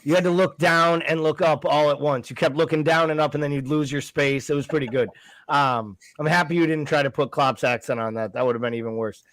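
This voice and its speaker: A man's voice: fairly high pitch, brisk, a bit bright, no room sound. A man co-hosting a casual podcast, blunt and sarcastic. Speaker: podcast co-host.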